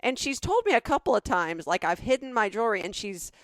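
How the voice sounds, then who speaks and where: A woman co-hosting a podcast in casual chat, talking in a chatty, self-deprecating way with animated asides. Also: medium pitch, fairly quick, no room sound, studio quality. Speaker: podcast co-host.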